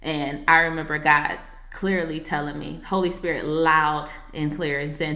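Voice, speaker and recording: A woman with a low voice that still has a bright, forceful edge shares her story as an interview guest. She talks in an earnest, reflective way and drops casual asides to the host. The room is noticeably echoey. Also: level tone, normal speed. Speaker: marriage coach and author, podcast guest.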